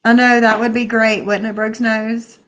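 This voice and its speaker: A woman hosting a live stream, her voice pitched a little on the high side. She chats loosely with her viewers, thanking them by name and reacting to what they write in the chat. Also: flat delivery, normal speed, a bit bright. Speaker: livestream host.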